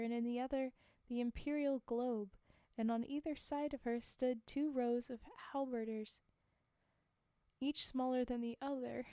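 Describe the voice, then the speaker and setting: On a live stream, a woman reading a fairy tale aloud keeps stopping to laugh and make chatty asides to her viewers. Her fairly high voice is mellow, soft, clear, and resonant. The close mic sounds dry, with no room echo.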